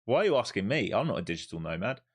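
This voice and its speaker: Brash sweary trader on a live stream. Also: male voice, fairly low pitch, big pitch swings, very fast, husky. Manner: brash and sweary, taunting chat viewers; urgent cheering at the price chart. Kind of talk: live trading stream commentary.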